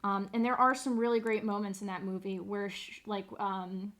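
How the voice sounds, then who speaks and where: A woman's voice: mid-range voice, level tone, normal speed, a bit bright. A young woman streamer chatting casually, rambling, sarcastic and swearing freely. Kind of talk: casual live-stream chat.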